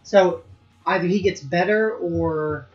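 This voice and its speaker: Let's play host: casual chatty man talking through a game, dull recording, soft music under it. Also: high voice, slow. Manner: chatty, thinking aloud and swearing at the game. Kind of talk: casual gameplay commentary.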